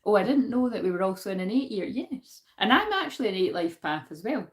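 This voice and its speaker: A woman's voice: mid-range voice, very animated, quick pace. A woman with a Glaswegian accent hosting a spiritual card-reading live stream in a chatty, self-deprecating way, laughing often and talking back to her viewers. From Scotland. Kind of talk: casual live-stream chat with verse reading.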